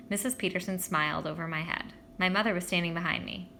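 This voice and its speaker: Lady reading a kids' book out loud, kinda low voice but bright and punchy. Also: brisk, gravelly, hardly any pauses, a little hiss or hum. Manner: expressive, voices the characters. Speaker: audiobook reader. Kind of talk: reading a children's novel aloud.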